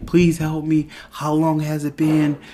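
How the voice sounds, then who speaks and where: A man's voice: fairly high pitch, monotone, unhurried, mellow, a little hiss or hum, voice pushed up, lightly acted. A man voicing a panicked man who pleads frantically for help, as a quote in a casual recap. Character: panicked middle-aged man begging for help.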